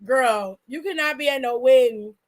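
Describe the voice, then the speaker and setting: High-voiced woman hosting her stream, loud and blunt, swears a lot, reads out chat. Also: normal speed. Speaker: channel host. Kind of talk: casual livestream chat.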